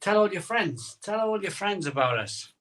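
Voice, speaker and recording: On a live stream, a man chats casually and reads out viewer comments, often repeating himself and dropping plenty of ums. His voice is high and fairly bright, with lively intonation and a normal pace. He comes across as chatty and cheerful.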